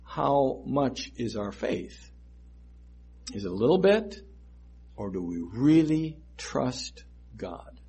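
A man preaching a sermon that teaches through scripture verses, speaking deliberately and repeating phrases for emphasis. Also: mid-range voice, big pitch swings, dark tone, slightly rough.

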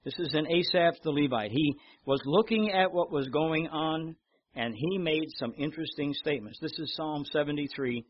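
A man's voice: on the high side, normal speed, slight background noise. Older man, pastor's sermon, storytelling, muffled lo-fi sound. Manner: storytelling, animated in anecdotes, repeats words.

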